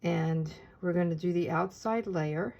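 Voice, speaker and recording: A woman giving a casual, chatty step-by-step craft tutorial, talking as she works with her hands and often pausing on filler words. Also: on the low side, creaky, mellow, muffled recording. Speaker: papercraft demonstrator.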